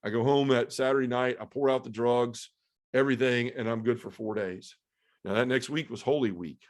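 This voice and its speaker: A man's voice: mid-range voice, steady tone, moderate pace. A middle-aged man, a podcast guest, telling his personal testimony in a candid, earnest way and acting out his own thoughts.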